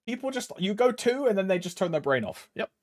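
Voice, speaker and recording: A man's voice: high-pitched, very animated, a little fast, no echo, clean studio sound. A man streaming a game, chatting casually with swearing, laddish banter. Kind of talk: casual live stream chat.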